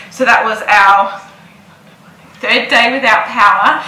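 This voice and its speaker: A woman's voice: mid-range voice, sharp tone, reverberant, slight background noise, poor audio. A heavily pregnant young woman chatting casually in a vlog, repeating words for emphasis. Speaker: vlogger.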